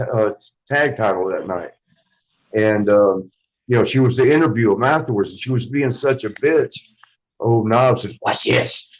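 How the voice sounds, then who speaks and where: This is a lowish male voice on dull-sounding audio. The speaker is an ex-wrestler being interviewed, spinning loose, rambling anecdotes, cursing without restraint and imitating what others told him.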